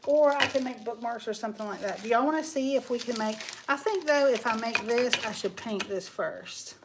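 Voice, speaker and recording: A woman with a fairly high voice hosts a relaxed live craft stream. She rambles in a loose, friendly chat and reads out viewers' comments while she works. A faint hiss sits under her voice. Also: brisk. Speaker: craft livestream host.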